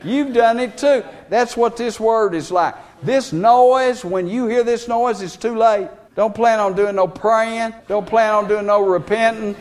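A man's voice: high-pitched, unhurried, few pauses. A male preacher, preaching a folksy sermon with plain grammar and scripture quotes.

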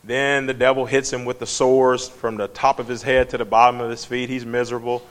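Animated, chatty man teaching the Bible. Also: mid-range voice, fairly quick. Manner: conversational, animated, asks the listeners questions.

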